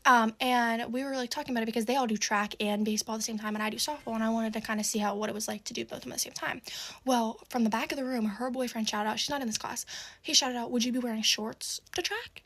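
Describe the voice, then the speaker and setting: Fast-talking teen girl ranting. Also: on the high side, steady tone, a bit bright. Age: teens. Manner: rapid, full of "like", swearing, exasperated asides. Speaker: storyteller. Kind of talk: casual storytime monologue.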